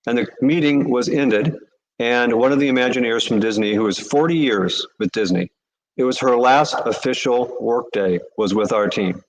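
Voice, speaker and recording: A man, a charity CEO, answering interview questions with earnest, animated storytelling. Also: mid-range voice, moderate pace, low-quality recording.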